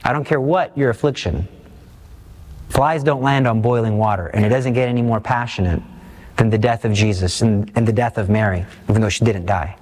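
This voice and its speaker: A man preaching a sermon, earnest and impassioned, slowing down to stress key points and pressing his listeners with pleading questions. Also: on the low side, fairly even intonation, darkish tone. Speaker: Catholic preacher.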